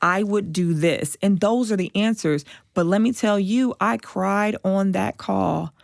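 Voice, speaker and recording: A woman guest on a podcast, telling an emotional personal story in an animated way and acting out the voices of people she quotes. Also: mid-range voice, unhurried, creaky, dry recording, studio quality.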